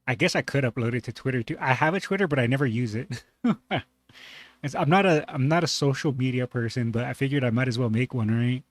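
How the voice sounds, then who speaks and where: A man hosting a reaction video, musing aloud in a relaxed way and laughing easily. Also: medium pitch, fast talker, dry recording. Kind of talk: casual reaction commentary.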